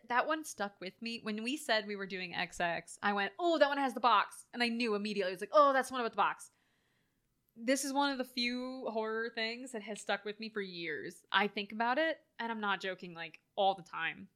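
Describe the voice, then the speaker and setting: A woman with a bright, fairly high voice co-hosts a relaxed conversation. She talks in an animated way with many filler words and acts out quoted lines as she goes. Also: normal speed, few pauses. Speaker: podcast co-host. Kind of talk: casual chat reviewing a horror film.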